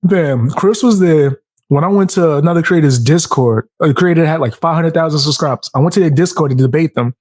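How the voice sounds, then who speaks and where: Animated man telling stories, bright-ish voice. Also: fairly high pitch, fairly quick, dry recording, clean studio sound. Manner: animated storyteller, acts out quotes in a raised voice. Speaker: podcast host. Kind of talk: casual podcast chat.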